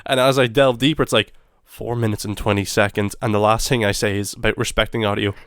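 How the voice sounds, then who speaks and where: Young male podcast co-host, smooth and clear, dry close sound, animated storyteller. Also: lowish voice, fast, no echo. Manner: animated storytelling, swears a lot. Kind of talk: casual chat.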